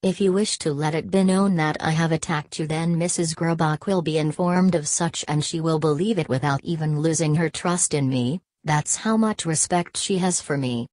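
A woman reads an anxious, insistent male clerk in a storybook reading. He talks in an earnest, persuasive way. The voice is low and dry. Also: normal speed, few pauses, darkish tone, dry recording, close to an everyday voice. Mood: reassuring.

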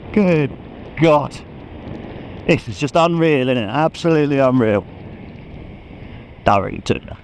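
A man chatting excitedly to a helmet camera while riding a motorbike, laughing often. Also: medium pitch, slow pace, long pauses, slight background noise, rough recording. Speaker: motorcycle vlogger. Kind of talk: casual chat while riding. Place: on a motorbike on open country roads. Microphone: helmet-mounted action camera.

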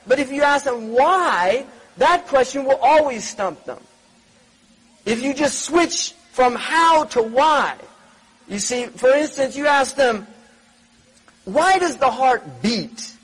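A man's voice: very high-pitched, fairly bright tone, breathy edge, rough recording. A man giving a religious lecture in a conversational, digressive way, full of rhetorical questions and asides. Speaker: Islamic scholar lecturing.

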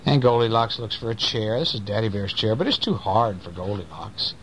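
A man's voice: on the low side, fairly quick, slight background noise, rough recording. A man reading bedtime stories aloud to his child at home, playful and chatty, stopping to talk with the child. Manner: playful, animated, talks to the child.

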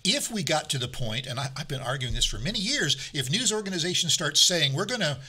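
A man's voice: on the high side, sing-song, a little fast, pushed and bright, breathy edge. A man on a panel discussion, explaining in an emphatic way and circling back on his points. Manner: emphatic, explanatory, a little repetitive. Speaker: journalism professor, panelist.

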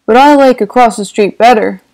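A woman's voice: on the high side, normal speed, darkish tone, close to an everyday voice, rough recording. A woman voicing a gloomy, sentimental older male gangster in an audiobook reading, talking with heavy emphasis. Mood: reminiscing.

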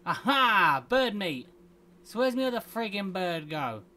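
A man's voice: high voice, sing-song, normal speed, bright, forceful tone. A man hosting a gaming channel, chatting casually and playfully grumbling as he plays. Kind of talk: casual let's play commentary.

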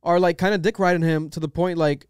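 Young man, podcast host, casual profane chat, slightly high voice, dry. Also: steady tone, fast talker, clear, resonant tone, no echo. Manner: opinionated, profane, rambling rants.

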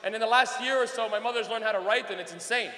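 A loud, profane male comedian performing stand-up on a club stage into a handheld mic. His voice sits high and bright for a man, and it rings with a long hall reverb. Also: quick pace. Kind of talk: stand-up routine.

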